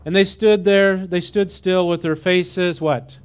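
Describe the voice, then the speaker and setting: Animated man teaching scripture. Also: high-pitched, normal speed, few pauses, smooth. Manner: animated, asks the audience questions, mixes reading with comment. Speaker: preacher teaching a Bible passage. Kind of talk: conversational sermon.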